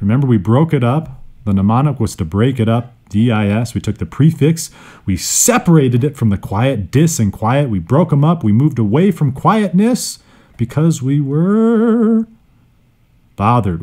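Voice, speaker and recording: A man hosting a study podcast, teaching words in a playful, joking way with sudden jumps in pitch. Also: darkish tone. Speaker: podcast host. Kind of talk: casual educational podcast monologue. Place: indoors, seated on a squeaky chair. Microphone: studio microphone.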